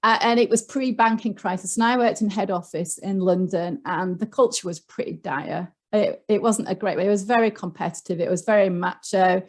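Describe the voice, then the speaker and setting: A woman's voice: medium pitch, moderate pace, hardly any pauses, darkish tone. Earnest Yorkshire woman explaining at length. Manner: earnest, explanatory, with frequent ums and restarts. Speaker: panel guest speaker on leadership. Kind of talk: online panel talk.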